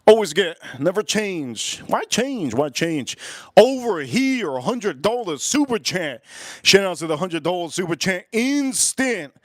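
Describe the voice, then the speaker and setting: A man hosting a live grilling stream, telling an animated story and repeating phrases for emphasis. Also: a little high, no room sound, clean studio sound. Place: at a charcoal grill.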